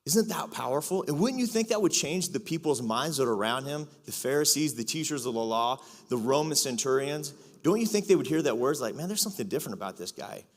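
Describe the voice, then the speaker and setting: A man's voice: on the high side, expressive, a little fast, hardly any pauses. A man preaching a sermon in a chatty, confessional way, with joking asides. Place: church auditorium. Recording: echoey hall reverb.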